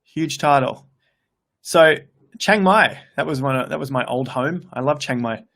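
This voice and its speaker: Un hombre australiano de unos treinta años presenta en vivo un canal de criptomonedas, charla animado mientras lee los comentarios y a menudo se corrige a mitad de frase. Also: male voice, medium pitch, a little slow, vocal fry, a bit bright. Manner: chatty, upbeat, thinks aloud with restarts. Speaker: crypto YouTuber hosting a livestream. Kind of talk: casual livestream chat reading comments. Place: home room with laptop set up.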